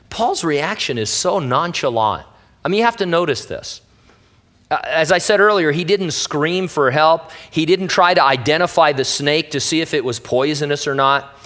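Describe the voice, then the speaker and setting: A man's voice: mid-range voice, fairly bright tone. Male pastor, wry conversational Bible teaching. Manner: casual and wry, with playful asides.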